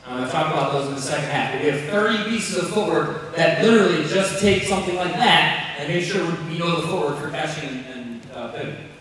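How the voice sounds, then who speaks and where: A man running a basketball coaching clinic, calling out drill cues in quick repeated bursts and joking with players as he explains. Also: a little high, expressive, a crowd in the background. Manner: joking, encouraging. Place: large gym. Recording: echoey gym from far off.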